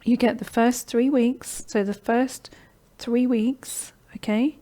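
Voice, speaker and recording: A middle-aged woman hosting a live online course session, pitching her program with encouragement and often checking in with "okay?". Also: steady tone, slow pace, dark tone. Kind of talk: live-streamed sales pitch and Q&A.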